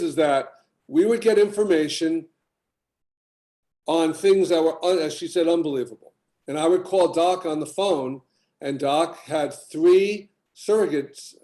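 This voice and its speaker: A man's voice: on the high side, warm tone. Older man with a roomy echo. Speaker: healing practitioner guest. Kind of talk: casual podcast conversation.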